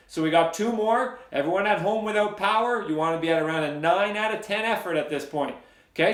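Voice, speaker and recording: A man with a fairly high voice coaches an indoor cycling workout. He counts down each interval and repeats short, upbeat cues. The sound is roomy, with a clear echo around him. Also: fairly bright tone.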